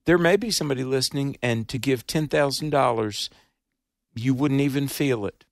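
Earnest Southern man pitching on radio. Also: normal speed, vocal fry, no echo, studio quality. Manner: earnest, emphatic, preacherly. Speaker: radio ministry host. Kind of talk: fundraising radio talk.

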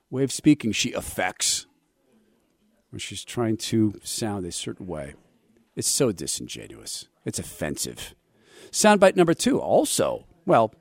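A male talk show host with a lively, swooping delivery and a sarcastic, preachy edge. His voice is dry and close, with no room around it. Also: mid-range voice, dry recording. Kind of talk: commentary, mocking soundbites.

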